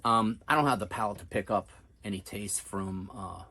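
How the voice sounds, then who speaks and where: A middle-aged pipe-smoking channel host talks casually to camera from a downstairs room at home, his family upstairs. His voice is lowish, bright and forceful at a moderate pace, and his chat rambles along with self-deprecating humor.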